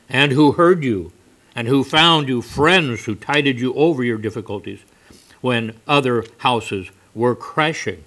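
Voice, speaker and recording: A man voicing a meek, majestic divine stranger. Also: mid-range voice. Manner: soft yet stern, pleading questions. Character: meek yet majestic male stranger, the Lord.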